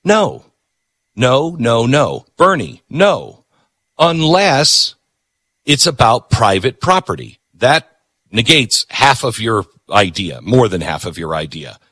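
A man's voice: medium pitch, bright, forceful tone, slightly rough, no echo. A middle-aged man hosting a talk show, giving emphatic, repetitive political commentary.

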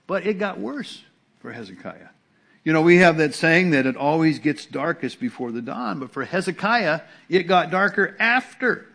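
A man's voice: medium pitch, fairly bright tone. Man preaching a conversational sermon. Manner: conversational, emphatic, restarts words. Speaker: pastor.

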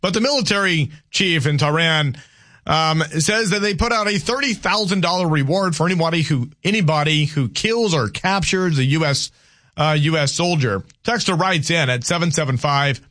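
A man's voice: a little high, normal speed, sharp tone. A man hosting a talk radio show, giving opinions in a loose conversational monologue and reading listener texts aloud.

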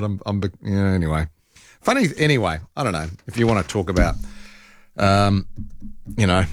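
A man hosting talk radio, chatting casually in an animated, exasperated way with frequent ums and restarts. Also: on the low side, dry recording, clean studio sound.

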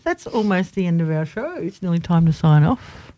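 Brief: radio co-host, self-mocking banter, expressive pitch, dry studio sound. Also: normal speed, no room sound.

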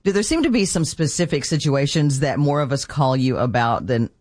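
A man hosting an interview, chatty and quick to laugh, telling a story about his own dog. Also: fairly high pitch, lively intonation, darkish tone, no echo, studio quality. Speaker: host. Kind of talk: casual interview.

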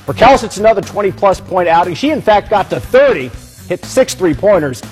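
A man delivering a TV sports news report in a lively, punchy way. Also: high-pitched, brisk, faint music behind. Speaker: sports anchor.

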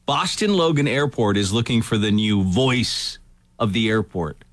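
A man's voice: lowish voice, animated, measured pace, dry recording. A man hosting a radio show, chatting in a playful, teasing way. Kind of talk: casual radio banter.

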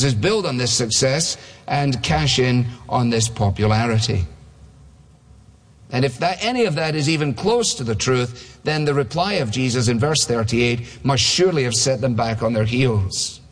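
A man's voice: medium pitch, big-room sound. A man preaching a sermon in a conversational way, asking rhetorical questions.

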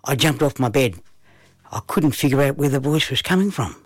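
A man with an Australian accent narrating a children's story in a relaxed, lively first-person telling. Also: mid-range voice, a little fast, no echo.

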